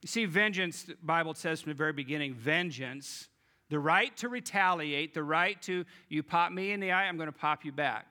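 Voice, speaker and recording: Bright-voiced man preaching a sermon. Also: on the high side, normal speed. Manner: conversational, addresses the congregation directly. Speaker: pastor.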